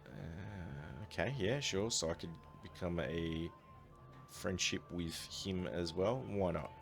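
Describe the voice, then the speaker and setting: A man's voice: low voice, slow pace, vocal fry, soft background music. A man giving casual, upbeat commentary as he plays a strategy game and thinks aloud. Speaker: let's play host.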